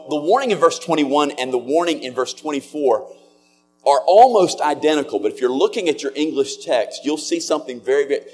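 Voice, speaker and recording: A man preaching a sermon as a pastor, earnest and slowing down on key words. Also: fairly high pitch, darkish tone.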